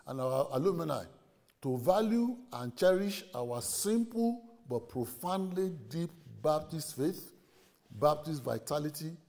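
A man's voice: medium pitch, vocal fry, a little mellow. A middle-aged man from Nigeria, giving an earnest, pleading conference address as a seminary leader and listing his points one by one. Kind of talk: formal conference speech.

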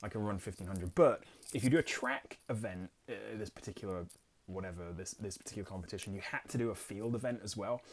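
Fast and fairly low-pitched, this young Englishman hosts a board game channel. He reads the rules aloud and chats casually about playing solo, poking fun at himself along the way.

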